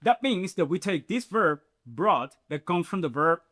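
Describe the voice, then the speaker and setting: A man teaching a Spanish grammar lesson in an energetic, step-by-step way, often checking in with "okay?" and "right?". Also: high voice, unhurried. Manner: explains step by step, addressing viewers as "you guys". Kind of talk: online language lesson.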